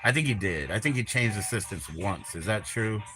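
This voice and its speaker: A man's voice: lowish voice, lively intonation, normal speed. A man hosting a live stream, chatting in a crude, rambling, teasing way and swearing constantly. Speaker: livestream host.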